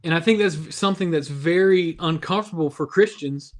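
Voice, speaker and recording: A man's voice: on the high side, brisk. A man hosting a casual youth devotional over a video call, chatty and self-deprecating. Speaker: youth ministry devotional host.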